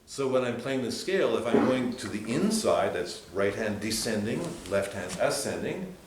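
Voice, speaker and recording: A man teaching a piano workshop, explaining hand movements while demonstrating at the piano and breaking into sudden high exclamations. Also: animated, normal speed, very noisy. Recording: echoey room with loud piano. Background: piano playing.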